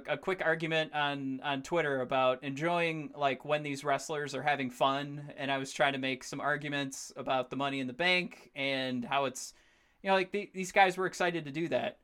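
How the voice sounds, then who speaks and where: This is a man in his thirties on a casual podcast, rambling and excitable, swearing freely as he talks. His voice is bright and clear and sits slightly high. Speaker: podcast co-host. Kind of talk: casual chat.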